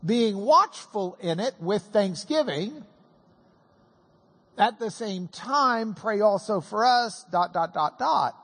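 Slow, lively preacher in a reverberant hall. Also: mid-range voice, husky. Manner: folksy, joking Bible teaching. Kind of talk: sermon.

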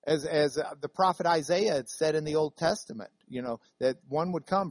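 A woman's voice: low voice, normal speed, a little mellow, dry recording. A woman teaching a Bible class in a classroom, chatty and digressive, with many fillers and restarts. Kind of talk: classroom lecture.

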